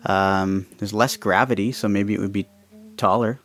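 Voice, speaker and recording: A man's voice: on the low side, steady tone, normal speed, fairly bright tone, soft background music. A man hosting a radio show, chatting casually as he introduces songs, with fillers and restarts.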